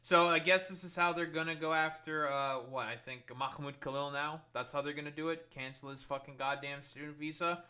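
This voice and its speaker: A man's voice: fairly high pitch, little pitch movement, a little fast, hardly any pauses, sharp tone. A young man streaming live commentary, swearing a lot and sounding sarcastic and incredulous. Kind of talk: livestream reaction commentary.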